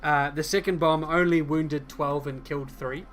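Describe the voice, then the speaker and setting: Bright-voiced game master, halting. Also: male voice, a little high, fairly even intonation, a little hiss or hum. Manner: halting, with many fillers and laughs. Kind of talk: narrating a tabletop game.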